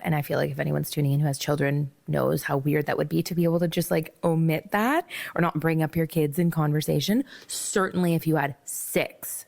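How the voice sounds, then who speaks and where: A young woman hosting a podcast, telling a personal story candidly, blunt and expressive, swearing freely and acting out both sides of the dialogue. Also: low voice, fairly quick, gravelly, hardly any pauses. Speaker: podcast host.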